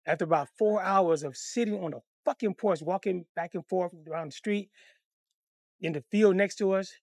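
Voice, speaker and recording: A man telling a comic personal story in a profane, animated, conversational way. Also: sits high, moderate pace, dry recording, studio quality.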